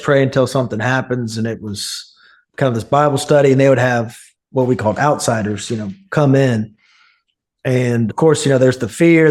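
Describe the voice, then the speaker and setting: As a podcast guest in a casual storytelling interview, a man with a middle-pitched voice tells his stories earnestly and without hurry. He takes on the voices of the people he quotes before returning to his own even tone.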